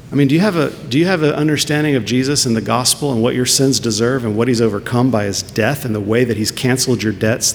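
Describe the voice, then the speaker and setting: A male pastor preaches in an earnest sermon voice, pressing his listeners with rhetorical questions. His mid-pitched voice has a gravelly edge. It rings with a long hall reverb over a faint low rumble.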